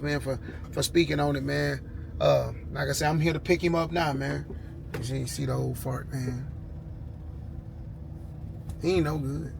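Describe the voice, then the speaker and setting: A man's voice: on the high side, creaky, noisy background. A man talking in a laid-back, rambling way for his car vlog, outdoors with dogs barking behind him. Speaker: car vlogger. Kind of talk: casual vlog talk.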